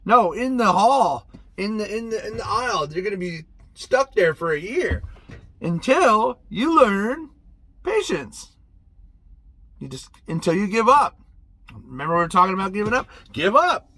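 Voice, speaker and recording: A man's voice: sits high, measured pace, slightly rough. A middle-aged man giving a casual motivational talk to camera, telling stories with acted-out quotes. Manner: animated storytelling with acted-out quotes. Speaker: motivational vlogger.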